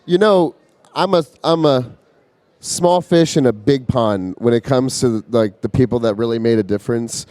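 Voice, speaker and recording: Mellow-voiced man in rambling chat. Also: mid-range voice, no echo. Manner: rambling, halting with restarts. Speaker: interview guest. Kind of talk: casual conversation. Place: convention floor.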